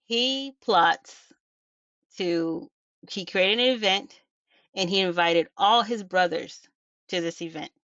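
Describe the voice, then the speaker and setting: A woman's voice: on the low side, slow, pauses often, a bit bright, no echo, dull audio. A woman host retelling a story in a casual, chatty way, emphatic and full of rhetorical asides. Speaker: video host.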